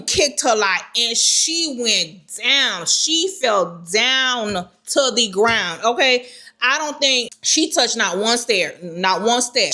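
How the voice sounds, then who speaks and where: A woman telling a personal story to camera in an animated, repetitive way. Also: fairly high pitch, unhurried. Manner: animated, lively storytelling with repeated phrases.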